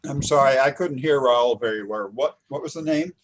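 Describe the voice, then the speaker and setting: A man's voice: mid-range voice, normal speed. A man with a mid-range voice plays in a tabletop game over voice chat. He speaks hesitantly, filling gaps with "uh" and restarting his sentences. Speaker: player.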